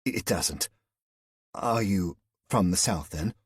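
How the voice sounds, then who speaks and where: A man's voice: low-pitched, lively intonation, takes it slowly, breathy edge, no room sound, clean studio sound, exaggerated voice. A man voicing a nervous, awkward young English man with an English accent.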